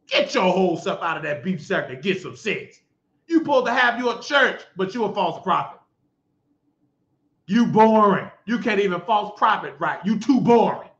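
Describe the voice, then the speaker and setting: A man hosting his own show, ranting in a preachy, scolding monologue with shouted outbursts. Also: high-pitched, gravelly. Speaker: show host. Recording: dull lo-fi sound in an echoey room.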